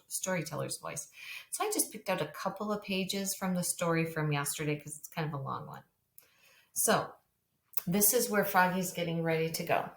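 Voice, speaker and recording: A woman teacher giving a recorded reading lesson, talking patiently and directly to young children. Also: fairly low pitch. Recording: roomy echo.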